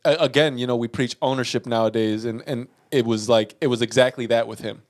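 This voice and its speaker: A man's voice: mid-range voice, steady tone, brisk. A man co-hosting a podcast in casual chat, retelling stories with quoted voices and frequent swearing and laughs. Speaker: podcast co-host.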